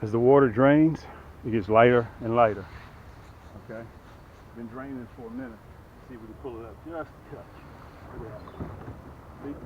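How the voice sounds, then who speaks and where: A man's voice: medium pitch, moderate pace, pauses often, noisy background. Man, middle-aged, folksy, slightly out of breath, outdoors, dull lo-fi camera sound. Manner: folksy, talks straight to viewers while working. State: out of breath from lifting. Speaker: boat dealer demonstrating a boat. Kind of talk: casual how-to demonstration. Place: outdoors by the water.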